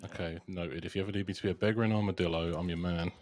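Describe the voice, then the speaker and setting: A man's voice: deep voice, fairly even intonation, very fast, a little mellow. A man in in-character roleplay chat, dry and understated. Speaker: roleplay player.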